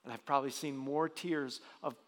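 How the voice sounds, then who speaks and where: A man's voice: medium pitch, fairly even intonation, normal speed, a bit bright, big-room sound. A man preaching a sermon as pastor, earnest, with frequent restarts and rising emphasis.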